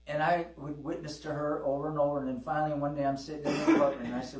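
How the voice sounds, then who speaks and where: A middle-aged man preaches to his congregation in a chatty, storytelling way and pauses for amens. His voice sits a little high for a man. He sounds roomy and some way off from the mic. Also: flat delivery, far from the mic, very noisy. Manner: conversational, calls for amens, acts out dialogue. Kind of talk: sermon with storytelling. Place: church service.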